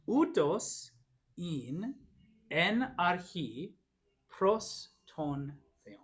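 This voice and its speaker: In a church classroom, a man lectures to a Bible class, explaining patiently and slowing down to repeat example phrases. His voice is fairly high and a bit bright.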